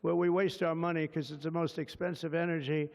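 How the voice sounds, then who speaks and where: A man's voice: on the high side, level tone, fairly quick, vocal fry. A man giving a public speech at a bill signing, rambling through off-the-cuff asides and praise. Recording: long reverb, dull lo-fi sound.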